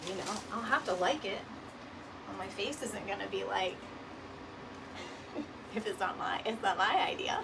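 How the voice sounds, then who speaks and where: A woman's voice: medium pitch, normal speed, creaky, pauses often. A middle-aged woman, chatting casually and laughing often while hosting a live DIY decor video. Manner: chatty, laughs often, says "y'all" and "right?". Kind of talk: casual livestream chat while crafting. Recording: mic at a distance, audible room noise.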